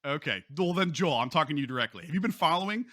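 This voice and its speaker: Upbeat male podcast host, bright tone, dry close mic, joking and animated. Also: fairly high pitch, racing, dry recording. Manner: lively, joking, with restarts. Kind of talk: casual podcast chat.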